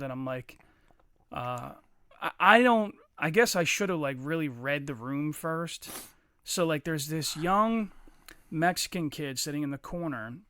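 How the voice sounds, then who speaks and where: This somewhat high-voiced man, a podcast co-host, spins a lengthy, profanity-laced story with lots of animation, imitating its characters mid-telling. The sound is studio-clean with no room sound.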